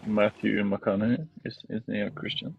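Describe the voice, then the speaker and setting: Husky man asking questions. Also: lowish voice, little pitch movement, normal speed, dull audio. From Norway. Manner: curious, asks many questions. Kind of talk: casual live-stream chat.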